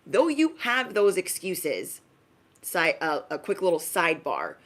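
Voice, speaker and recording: A woman's voice: on the low side, wildly swooping pitch, measured pace, fairly bright tone. A woman giving a casual spiritual message to her viewers as an intuitive reader, in a chatty, emphatic, slangy way.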